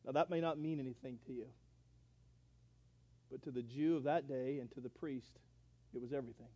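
A man preaching a sermon, swinging from hushed reading to loud, fervent exclamations, and reading scripture in a low, slow voice. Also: no room sound.

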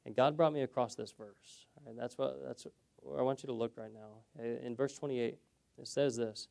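A man's voice: mid-range voice, brisk, gravelly, dark tone. A young man telling his personal story as a sermon to a congregation, conversational and often checking in with "okay?". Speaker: preacher. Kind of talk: sermon testimony.

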